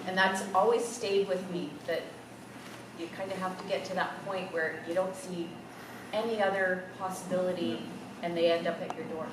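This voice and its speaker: A woman's voice: on the low side, fairly even intonation, moderate pace. A woman from the audience asking a question, hesitant and searching for words. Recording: echoey hall, distant mic, noise.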